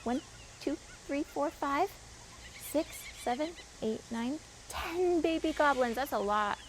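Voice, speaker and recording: High-voiced librarian reading to kids. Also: female voice, slow, slight background noise, poor audio. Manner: expressive reading with asides to the children. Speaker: children's librarian. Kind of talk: children's storytime read-aloud.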